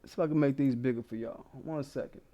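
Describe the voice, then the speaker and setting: Guy hosting a commentary show, cussing a lot, fast and animated. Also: medium pitch, lo-fi sound. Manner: profane, animated storytelling with laughs. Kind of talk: casual commentary.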